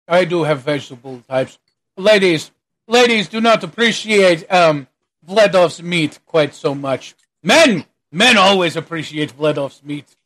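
A man's voice: fairly high pitch, lively intonation, a little slow, a bit bright. A man voicing a boisterous, pushy male kebab vendor in a tabletop game, with boastful sales patter.

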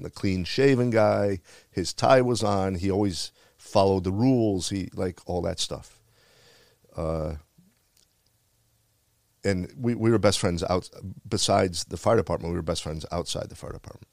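This man from the Bronx, New York, once a firefighter and now retired, tells a personal story with earnest feeling and repeated phrases. His voice is low-pitched and darkish with vocal fry, captured in a dry, studio-quality recording.

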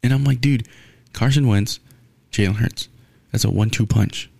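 Gravelly man ranting bluntly. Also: normal speed, darkish tone, dry recording. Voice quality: gravelly, low. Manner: blunt, profane, rambling with restarts. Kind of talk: casual sports rant.

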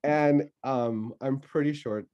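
A man telling a childhood story in casual conversation, laughing often and pausing with many fillers. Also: medium pitch, warm tone, lo-fi sound.

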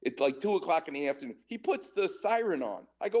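A man in his sixties hosting a call-in radio show as a doctor, an animated storyteller who laughs often. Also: fairly high pitch, quick pace.

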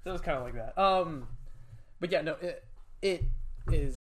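A young man hosting a podcast, joking around and sometimes slipping into a lower reading voice. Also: normal speed, fairly bright tone. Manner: joking, drops into a low reading voice. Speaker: podcast host. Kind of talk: casual podcast banter.

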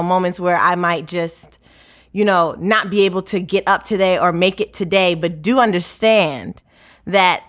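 Brief: woman co-host, low-ish voice, thoughtful and affirming in casual chat. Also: a bit bright.

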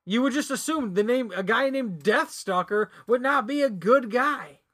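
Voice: medium pitch, animated, normal speed, fairly bright tone. A podcast co-host reviewing a movie in casual banter, rambling and giggly, with lots of fillers.

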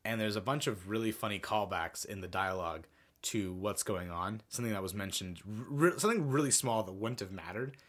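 A man's voice: fairly low pitch, a little fast, fairly bright tone. A young man hosting a casual podcast, rambling through stories and jokes and laughing often as he goes. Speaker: podcast host.

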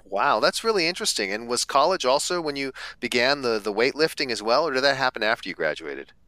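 Lively, bright-voiced male podcast host. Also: mid-range voice, fast talker, dry recording, low-quality recording. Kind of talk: podcast interview.

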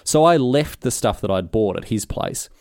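A man's voice: on the low side, animated, moderate pace, darkish tone, no room sound, studio quality. An Australian man hosting a podcast, answering listener questions in a rambling, teasing casual chat. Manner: rambling, teasing, self-interrupting.

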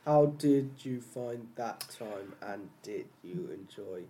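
A woman co-hosting a student podcast, reading her interview questions slowly and carefully. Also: extremely low pitch, lively intonation, dark tone.

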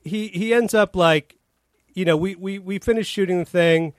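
A middle-aged man, a film director, telling animated stories as a guest in a casual podcast chat. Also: sits high, moderate pace, no room sound, studio quality. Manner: animated storyteller, acts out quotes.

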